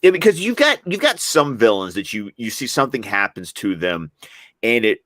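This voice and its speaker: Male podcast guest, relaxed storyteller, close dry mic. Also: medium pitch, moderate pace, no room sound. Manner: relaxed and conversational, tells stories. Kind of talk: casual chat.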